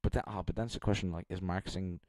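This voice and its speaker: A man's voice: low voice, fairly even intonation, very fast, darkish tone, dry recording. A young man streaming live, thinking aloud in a rambling, casual way and poking fun at himself.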